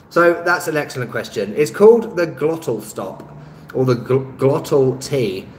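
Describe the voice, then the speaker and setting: A man with a London Estuary accent chats away on a live stream, reading comments, rambling and filling the gaps with um. His voice sits at an ordinary middle pitch. The room is echoey, with steady noise and traffic in the background. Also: measured pace. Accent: Estuary English, London. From London, England. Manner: rambling, lots of ums and restarts, chatty and self-mocking. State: tired, no rest. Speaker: travel vlogger on a live stream. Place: rented room indoors.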